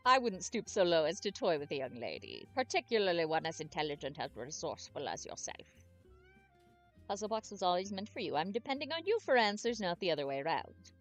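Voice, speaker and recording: A calm, cryptic male scholar from a game, speaking in measured aphorisms with an odd accent, as a woman puts him on. The pitch moves about a good deal, and faint music plays underneath.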